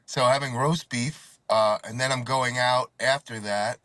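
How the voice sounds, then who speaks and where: A man co-hosting a live fitness chat show, telling stories in an animated way and swearing freely. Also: medium pitch, measured pace, no room sound. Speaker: podcast co-host. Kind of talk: casual chat.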